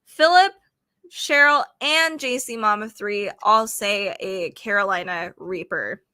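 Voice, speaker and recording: Bright-voiced woman hosting a live stream. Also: mid-range voice, slow pace, no room sound, studio quality. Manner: chatty and apologetic, reading questions aloud to chat. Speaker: livestream host running trivia games. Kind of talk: casual livestream chat.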